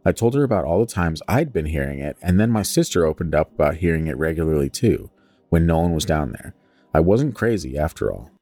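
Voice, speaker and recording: A man's voice: rumbling low, very animated, fairly quick, mellow, no room sound. A young man co-hosting a podcast, reading a listener's ghost story aloud and breaking off to joke and swear casually.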